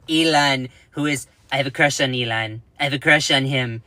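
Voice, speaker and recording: A man's voice: fairly high pitch, moderate pace, bright, forceful tone, no room sound. A man hosting a casual political commentary livestream, chatty and jokey, giggling at his own jokes and reading out the news. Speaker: livestream host.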